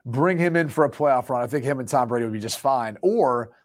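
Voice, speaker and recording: Talking fairly quickly at a medium pitch, this sports talk show co-host, a man in his thirties, rambles through a story in casual conversation and breaks into laughter partway through his sentences.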